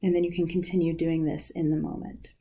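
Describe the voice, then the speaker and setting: Her voice sits low and her delivery is brisk. She's a young woman in university outreach, casually walking listeners through counseling skills in a relaxed way that's packed with ums and likes.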